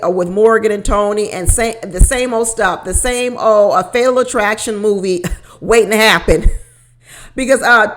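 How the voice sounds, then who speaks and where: A woman talks through a reality TV recap in a loose, chatty way. She is animated and gossipy and laughs between her remarks. She hammers her points home by repeating them. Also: medium pitch. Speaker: reality show recap vlogger. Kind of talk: casual reality TV recap commentary.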